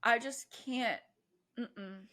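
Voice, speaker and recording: A woman's voice: a little high, drawn-out words, fairly bright tone. A woman in her twenties co-hosting a podcast, chatting casually and animatedly with lots of laughter. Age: 20s. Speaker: podcast co-host. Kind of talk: casual chat.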